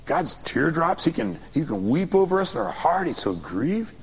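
A man preaching a sermon, swinging from excited high bursts to quiet low reading, calling on the congregation to repeat after him. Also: normal speed, creaky, husky, rough recording. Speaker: pastor.

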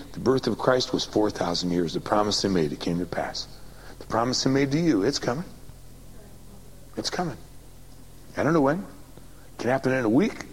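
A man preaching a sermon, swinging from excited high bursts to quiet low reading, calling on the congregation to repeat after him. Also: slight background noise, rough recording. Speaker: pastor.

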